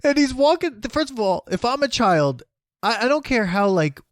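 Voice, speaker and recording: A man co-hosting a comedy podcast, riffing excitedly and acting out quotes in casual chat. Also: very high-pitched, normal speed, no echo, clean studio sound. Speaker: podcast co-host.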